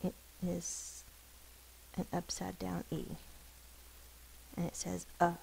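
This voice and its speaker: A woman teacher giving a phonics spelling lesson, sounding out words slowly and deliberately over a screen recording. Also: lowish voice, completely flat delivery, creaky, darkish tone, a little hiss or hum, low-quality recording.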